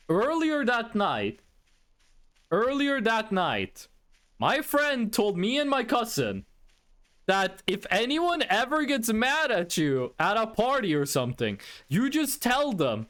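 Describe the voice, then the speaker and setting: Male streamer, high and lively delivery; a swearing, animated storyteller with loose restarts. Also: slow pace. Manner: profane, animated anecdote with many restarts. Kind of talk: casual storytelling on a live stream.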